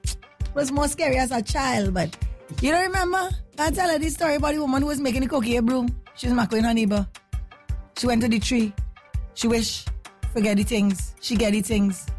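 A woman's voice: on the high side, fairly quick, a little mellow, soft background music. A woman with a Trinidadian accent hosting a casual live stream, chatting playfully with viewers in dialect.

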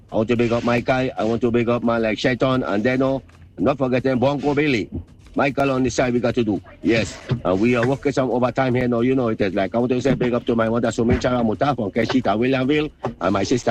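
A man with a Trinidadian accent sending a voice note to a radio station, listing greetings to friends and family in a steady way. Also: mid-range voice. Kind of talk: voice-note shout-outs.

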